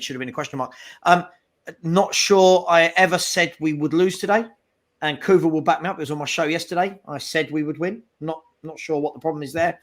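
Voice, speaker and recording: A man's voice: a little high, normal speed. A man co-hosting a live football fan show, talking animatedly and calling out trolls in the chat. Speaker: co-host.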